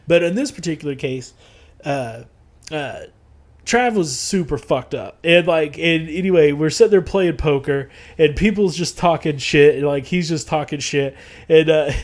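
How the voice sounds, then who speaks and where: A man's voice: fairly high pitch, moderate pace. A young man co-hosting a podcast who tells stories in a rambling, profane way, with lots of fillers and restarts. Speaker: podcast co-host. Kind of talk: casual storytelling chat.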